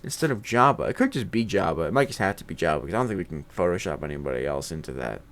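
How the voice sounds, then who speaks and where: A man's voice: low-pitched, animated, very fast, a bit bright. A man chatting casually as a host, rambling with lots of fillers and jokes. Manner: rambling, filler-heavy, joking. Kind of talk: casual chat.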